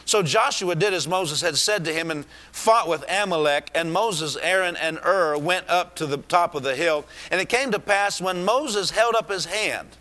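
High, bright-voiced man preaching fervently. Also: moderate pace, few pauses. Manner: fervent, with exclamations of praise; rising to shouts for emphasis. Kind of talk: sermon.

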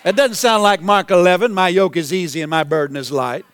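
A man preaching a sermon as pastor, emphatic and repetitive, building to shouted declarations. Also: high-pitched, brisk, clear, resonant tone. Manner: emphatic preaching, repeats phrases, rises to shouts.

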